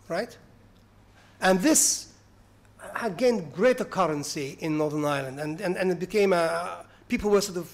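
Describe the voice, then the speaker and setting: A man giving an academic lecture in an explanatory way, now and then asking for the next slide. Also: high-pitched.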